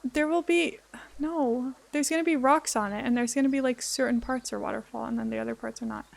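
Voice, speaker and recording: High-voiced young woman streamer, playful. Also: brisk, gravelly. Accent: American. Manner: chatty, playful, easily flustered. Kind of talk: casual live-stream chat while gaming.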